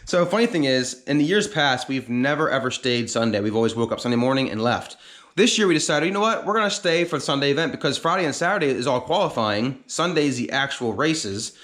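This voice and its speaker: A man with a mid-range, slightly bright voice hosts his channel outdoors on top of a gorge. He's out of breath, chatting casually to the camera and rambling with lots of fillers.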